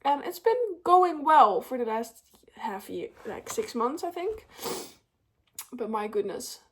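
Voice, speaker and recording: A young woman with a slightly high voice vlogs from home in a loose, confiding way. She sounds worn out and near tears, and she fills pauses with "um" and "like". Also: breathy edge. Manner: open and emotional, many fillers. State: tired and tearful. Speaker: vlogger. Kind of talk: casual talk to camera.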